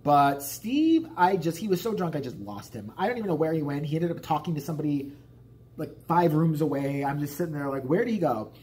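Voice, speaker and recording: Guy ranting a story on his vlog, lots of swearing, rambly and animated. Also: on the high side, brisk. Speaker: vlogger.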